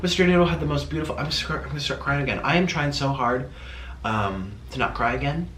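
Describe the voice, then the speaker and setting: A man's voice: medium pitch, a bit bright. A man speaks to camera in an emotional, casual vlog, his voice breaking as he stops and starts between fillers. The room gives his voice a noticeable echo. A faint hiss sits under the recording. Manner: tearful, halting, with many pauses and fillers. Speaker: vlogger.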